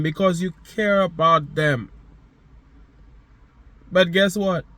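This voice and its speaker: A man with a high voice delivers a motivational monologue at an unhurried pace. He stresses his words and circles back to the same phrases as he talks straight to the listener. The sound is close and dry. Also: a bit bright, no room sound. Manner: slow, emphatic, addresses the listener directly with repeated phrases. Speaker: motivational speaker.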